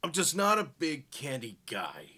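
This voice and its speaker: A man voicing a big male action star with a low, gravelly voice. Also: huge pitch swings, a little slow, sharp tone, heavily acted. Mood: confident.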